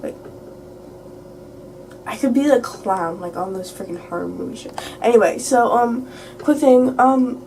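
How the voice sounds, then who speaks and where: Teen girl vlogger, chatty filler-heavy rant, higher mellow voice, off-mic sound. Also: measured pace, long pauses. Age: teens. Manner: rambling, filler-heavy, swears freely. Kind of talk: casual late-night storytime rant. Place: at home. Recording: distant mic, faint background hiss.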